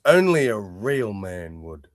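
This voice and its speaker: A man's voice: lowish voice, very animated, takes it slowly. A man in casual chat, wry and joking.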